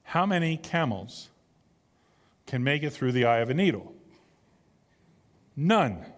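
A male pastor preaching a sermon with drama, dropping to a hush and then building loud. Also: mid-range voice, big pitch swings, takes it slowly. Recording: long reverb of a large hall.

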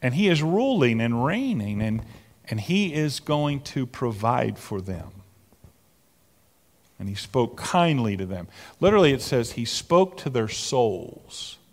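A man preaching a sermon, moving between loud emphatic peaks and soft near-whispers. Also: medium pitch, sing-song, measured pace, long reverb tail. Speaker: pastor.

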